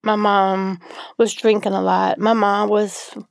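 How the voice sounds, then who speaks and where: A woman telling her own story in an interview, halting and repeating herself. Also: mid-range voice, flat delivery, vocal fry, dry recording. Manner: halting, many fillers and repeats. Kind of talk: personal recollection.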